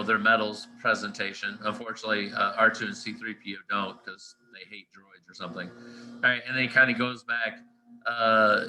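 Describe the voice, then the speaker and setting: Bright-voiced male teacher, casual lecture. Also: lowish voice, poor audio. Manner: conversational, checks in often with "all right" and "right?".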